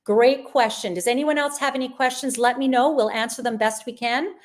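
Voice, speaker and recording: A woman's voice: fairly high pitch, normal speed. Chatty woman hosting a live sale stream. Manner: chatty and upbeat, with frequent restarts. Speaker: livestream sale host. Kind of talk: live shopping stream presenting.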